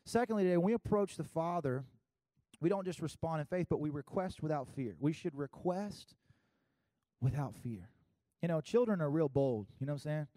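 A man from South Carolina preaching a sermon in a chatty, animated way, full of fillers and quick laughs. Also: a little high, no room sound, studio quality. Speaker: pastor.

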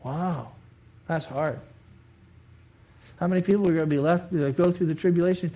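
Animated pastor preaching a sermon. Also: male voice, a little high, moderate pace. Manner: animated, acts out imagined speakers. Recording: faulty recording.

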